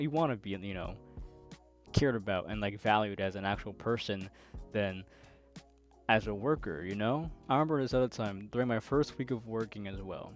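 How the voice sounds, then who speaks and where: Chatty twenty-one-year-old man telling stories. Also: mid-range voice. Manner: chatty and exasperated, with frequent fillers. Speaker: storyteller. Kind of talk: storytime narration over gameplay.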